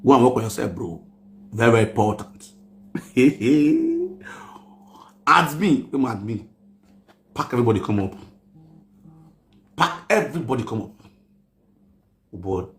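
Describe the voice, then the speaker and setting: A man with a Nigerian Pidgin accent ranting and mocking people on a live stream, often shouting. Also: mid-range voice, wildly swooping pitch, measured pace, pauses often, echoey room.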